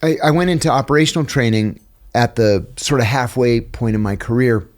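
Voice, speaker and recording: A man's voice: medium pitch, a little fast. A middle-aged man from western Pennsylvania, telling stories as a podcast guest and acting out quotes. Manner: animated anecdotes with acted-out quotes. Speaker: podcast guest, former intelligence officer. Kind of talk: storytelling in a conversational interview.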